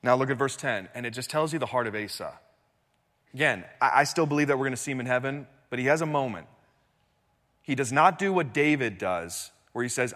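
A man preaching a sermon in a church, telling the story with animated swings between loud and hushed delivery. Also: mid-range voice, normal speed, in a large hall. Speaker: pastor.

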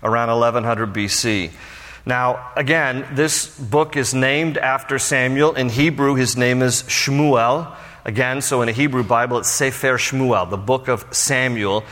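A male pastor delivers a Bible teaching in a relaxed, conversational sermon style, weaving in personal asides. His voice sits at an ordinary middle pitch. It carries a long reverb, like a big church hall. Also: unhurried.

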